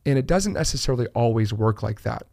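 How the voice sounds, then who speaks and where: A man's voice: mid-range voice, expressive, quick pace, gravelly, dark tone, dry recording, studio quality. A man co-hosting a church podcast, talking earnestly with many fillers and restarts. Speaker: pastor, podcast co-host. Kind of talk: conversational church podcast discussion.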